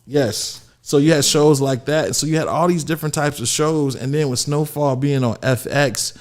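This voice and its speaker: A man's voice: fairly high pitch, moderate pace. Laid-back man from Florida, casual host. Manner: laid-back, many fillers and "you know". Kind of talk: casual chat about TV shows.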